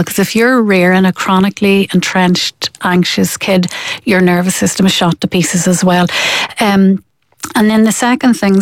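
Woman guest, mid-pitched, lively and explanatory, dry close-miked studio sound. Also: dry recording. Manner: animated, acts out quoted parents. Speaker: parenting expert guest. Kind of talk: conversational interview explanation.

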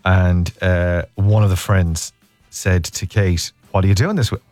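A man's voice: sits low, steady tone, darkish tone, no room sound, faint music behind. Irish male radio host, storytelling. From Ireland. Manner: playful storytelling, quick asides. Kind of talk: casual radio chat.

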